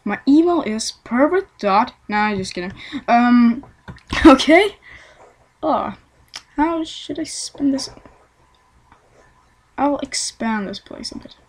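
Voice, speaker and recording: Lady talking slow over her game, kinda high voice, rambly and swears at stuff. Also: lively intonation, poor audio. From Sweden. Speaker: let's play gamer. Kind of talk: casual gameplay commentary.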